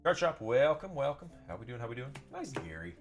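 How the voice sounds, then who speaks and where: A man's voice: medium pitch, very animated, brisk, over music. A young man hosting a live pack-opening stream, upbeat and chatty, greeting viewers by name and repeating phrases. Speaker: live card-breaking seller.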